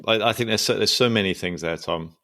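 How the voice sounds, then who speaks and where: A man's voice: on the low side, fast talker, sharp tone. A man hosting a coaching podcast, responding in a thoughtful, affirming way. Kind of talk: reflective interview talk.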